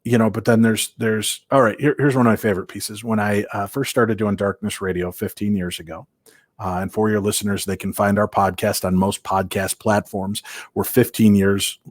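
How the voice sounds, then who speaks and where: Lively storyteller man, low dry voice. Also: moderate pace, dry recording. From Minnesota. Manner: lively, acts out quoted voices, many restarts. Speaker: guest paranormal investigator and radio host. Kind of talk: animated storytelling in an interview.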